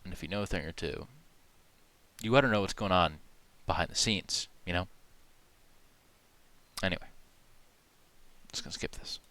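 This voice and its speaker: A man's voice: low voice, moderate pace, pauses often, pushed and bright, no room sound. A man hosting a parody video, rambling through mock-serious conspiracy commentary with lots of fillers and hesitations. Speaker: video host.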